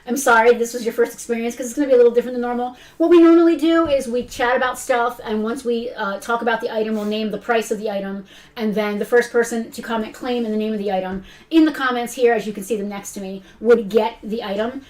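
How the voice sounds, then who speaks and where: Chatty woman co-host, slightly high voice, laughs easily, unscripted livestream banter. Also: quick pace, a little mellow. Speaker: co-host of a live toy shop stream. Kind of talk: casual livestream chat.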